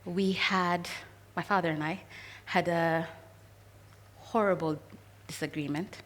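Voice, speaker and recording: A woman telling a personal family story in an earnest, expressive way, with pauses. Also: lowish voice.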